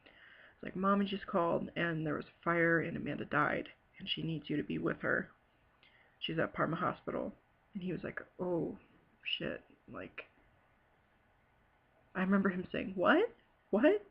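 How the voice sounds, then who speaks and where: Woman, from Ohio, personal testimony, hesitant, lots of fillers, gravelly, dull lo-fi sound. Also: lowish voice. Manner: halting, hesitant, many fillers. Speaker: bereaved sister telling her story.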